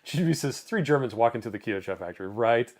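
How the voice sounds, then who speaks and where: A man's voice: mid-range voice, animated, fast talker, darkish tone. Chatty man reading viewer comments. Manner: reads comments aloud, joking and chatty. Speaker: co-host of a live Q&A stream. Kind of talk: casual live-stream chat, reading viewer comments.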